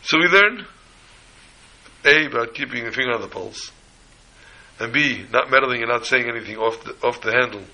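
Gravelly, bright-toned man preaching. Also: normal speed, pauses often, low-quality recording. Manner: animated storytelling, voices the characters with rising pitch. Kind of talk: Torah sermon with a story.

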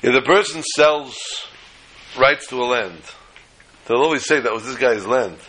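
A man teaching a Torah class, telling the story in a lively way and acting out the dialogue. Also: mid-range voice, normal speed, slightly rough, rough recording. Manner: animated storytelling, acts out dialogue.

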